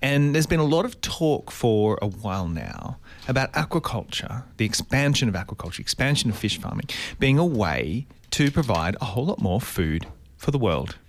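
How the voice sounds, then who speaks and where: A man's voice: lowish voice, sing-song, normal speed, hardly any pauses. A man with an Australian accent co-hosting a radio show, explaining a topic at length and often restarting his sentences. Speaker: radio co-host. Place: radio studio.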